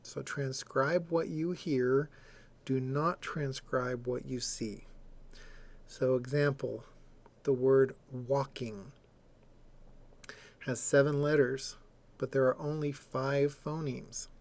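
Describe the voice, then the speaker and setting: A man's voice: medium pitch, fairly even intonation, slow, long pauses. A man giving a recorded lecture, explaining step by step and sounding out example words.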